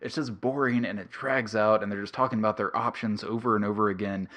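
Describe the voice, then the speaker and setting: A man's voice: lowish voice, fairly even intonation, fast, a bit bright. A man co-hosting a casual film podcast, blunt and opinionated, swearing freely. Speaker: podcast co-host reviewing a film. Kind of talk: casual chat.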